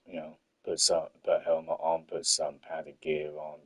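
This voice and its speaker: A man's voice: a bass voice, flat delivery, a little slow, husky, low-quality recording. A young man telling a rambling, sweary story with lots of fillers while he plays a game. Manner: rambling, sweary, many fillers like "you know" and "obviously". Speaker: gaming streamer. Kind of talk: casual storytelling while gaming.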